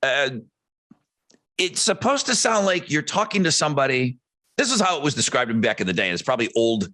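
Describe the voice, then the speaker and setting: A radio host talks casually on a podcast. His pitch swings widely as he acts out the people in his stories, and his voice sits in an ordinary middle range. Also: sing-song, a little fast, pushed and bright. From United States. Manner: storytelling, acts out quotes with big pitch swings.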